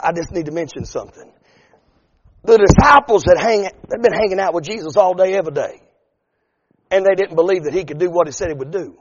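High-voiced preacher in a reverberant church. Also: male voice, lo-fi sound. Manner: preaching that builds to shouted, drawn-out lines. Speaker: pastor. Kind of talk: sermon. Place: church sanctuary.

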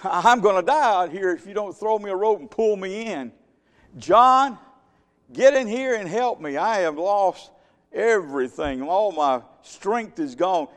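A preacher acts out a frightened fisherman caught in a storm, his voice climbing high with panic. He begs for rescue in a loud, strained plea. Long hall reverb trails each line. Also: lively intonation, unhurried. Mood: desperate. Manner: panicked, pleading. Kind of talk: sermon storytelling.

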